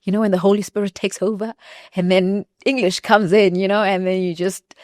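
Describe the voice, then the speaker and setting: A South African woman hosting a podcast, talking in a lively and expressive way in casual conversation. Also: medium pitch, a little fast, no room sound, clean studio sound. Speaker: podcast host.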